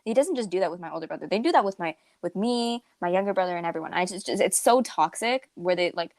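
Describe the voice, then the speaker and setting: A woman's voice: lowish voice, lively intonation, fast talker, darkish tone, dry recording. Young woman co-host, dry close sound. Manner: rambling, filler-heavy, restarts often. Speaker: podcast co-host. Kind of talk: casual chat.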